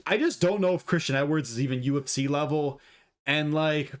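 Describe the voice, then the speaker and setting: A man's voice: on the high side, brisk. A man giving a casual fight breakdown and picks, blunt and profane, with lots of asides and restarts. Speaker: fight analyst.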